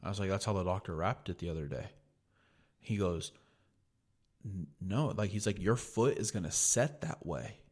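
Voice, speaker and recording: With a deep, slightly rough, somewhat mellow voice, a young American podcaster tells a story animatedly at normal speed. He keeps it laid-back, cursing freely and leaning heavily on "like."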